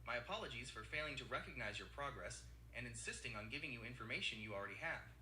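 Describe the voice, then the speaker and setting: A synthetic male assistant voice speaking in an even, formal, apologetic way. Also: mid-range voice, quick pace, roomy sound, a little hiss or hum.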